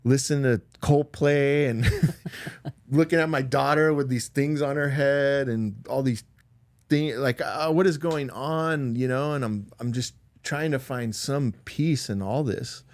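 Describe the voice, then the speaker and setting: A man's voice: mid-range voice, a little slow, no room sound. A middle-aged man, a podcast guest, telling a personal story in a casual, rambling way full of "like" and with emotional swings.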